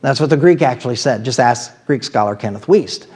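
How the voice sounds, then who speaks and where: A man's voice: mid-range voice, animated, a little fast, a little mellow, husky. A man with an Ohio accent preaching a sermon as pastor, talking in a conversational way with asides and laughs.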